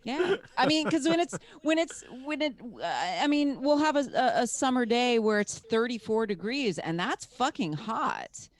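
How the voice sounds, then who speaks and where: A woman's voice: on the high side, lively intonation, normal speed, few pauses. Wry American-born woman guest, casual. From United States. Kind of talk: casual chat.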